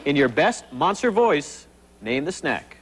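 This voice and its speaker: This game show host's voice sits a little high and has a sing-song lilt as he jokes and banters with contestants in a TV studio, laughing readily. It's a 1980s broadcast in front of a live audience, whose noise comes through loudly.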